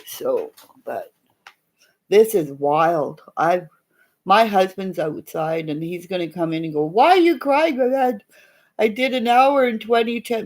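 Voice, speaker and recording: A woman's voice: medium pitch, a little mellow. A middle-aged woman, chatting casually and rambling as she hosts a live stream for viewers, laughing often along the way. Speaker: livestream host.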